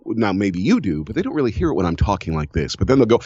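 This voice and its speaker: A man's voice: fairly low pitch, big pitch swings, racing, darkish tone, breathy edge, no echo, lo-fi sound. A man in his fifties from Ohio, a voiceover artist chatting as an interview guest, telling stories animatedly and laughing often. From Cleveland, Ohio. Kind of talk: casual interview chat.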